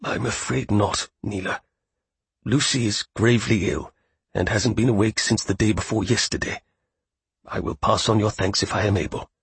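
A man's voice: a little high, sing-song, slow pace, fairly bright tone, husky, dry recording, pitched above the performer's own voice, exaggerated voice. A man voicing a glum, grief-stricken older shopkeeper in an audiobook, speaking muffled and subdued. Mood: grieving. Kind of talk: audiobook character voice.

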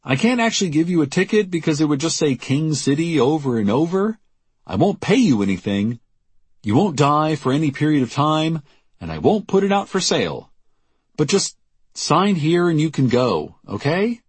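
A woman's voice: deep voice, sing-song, normal speed, darkish tone, breathy edge, dry recording, voice pushed up, full character voice. Man putting on an exasperated young shopkeeper woman. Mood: resigned. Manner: curt, exasperated, raising her voice. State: in pain and worn out. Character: weary, sharp-tongued young woman shopkeeper.

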